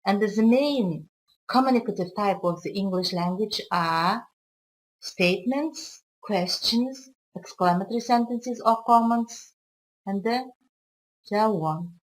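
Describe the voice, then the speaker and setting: A woman's voice: mid-range voice, rough recording. Woman teaching a careful English lesson. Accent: Kazakh. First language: Kazakh. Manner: slow, careful explanatory delivery with occasional restarts. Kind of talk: recorded video lesson lecture.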